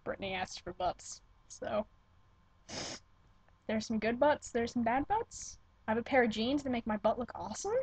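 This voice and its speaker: A young woman rambles into her computer webcam at home, gushing, swearing and cutting herself off. Her voice is slightly high with a husky, breathy edge. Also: moderate pace, long pauses, no echo, rough recording. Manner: gushing, profane, self-interrupting. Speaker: vlogger. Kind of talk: casual rambling vlog. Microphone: computer webcam mic.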